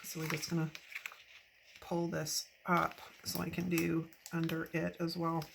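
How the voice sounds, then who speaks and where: A woman's voice: low voice, unhurried, gravelly. A woman in her fifties chatting casually while decorating a planner, rambling and laughing often. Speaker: planner vlogger. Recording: steady background noise.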